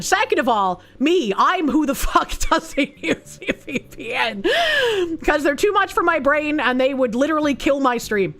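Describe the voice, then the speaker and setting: A woman's voice: sits high, a bit bright. A woman with a Boston accent, streaming and ranting casually in a blunt, profane way. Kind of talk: casual livestream commentary.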